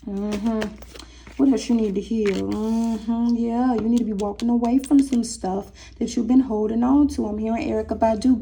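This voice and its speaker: Woman tarot reader, dark gravelly tone, chatty and casual. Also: fairly high pitch, flat delivery, normal speed. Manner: chatty, breaks into singing, talks to cat. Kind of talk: casual tarot reading to viewers.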